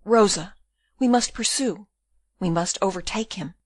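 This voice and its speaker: A woman's voice: medium pitch, unhurried, dry recording, lightly acted. A desperate young prisoner, furious and pleading, as a woman reads him in an audiobook. The voice sits in a mid register and is recorded dry and close. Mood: urgent. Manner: pleading and raging.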